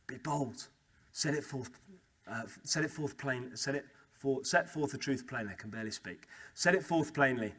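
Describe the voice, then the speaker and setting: A young man giving a lively, conversational talk to a student Christian group, repeating key phrases for emphasis. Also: mid-range voice, normal speed, husky. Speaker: speaker at a student Christian Union meeting. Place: student meeting room.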